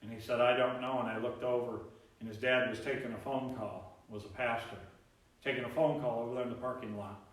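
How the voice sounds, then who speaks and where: Pastor preaching in an echoey church. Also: male voice, mid-range voice, brisk. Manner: animated, acts out voices in Bible stories. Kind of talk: sermon. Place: church sanctuary. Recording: very echoey church, mic at distance.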